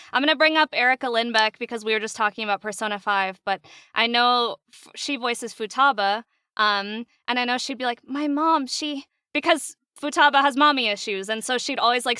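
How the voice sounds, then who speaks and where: A woman voice actress chatting as a guest on a podcast, animated and laughing often. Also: fairly high pitch, fairly quick, smooth, no room sound, clean studio sound. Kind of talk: casual podcast interview.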